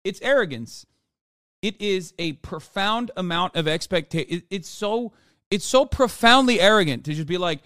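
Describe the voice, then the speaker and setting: A man streaming live, reacting to a clip with sarcastic, profane commentary that often erupts into shouted rants. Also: high-pitched, lively intonation, unhurried, clean tone, no room sound, studio quality.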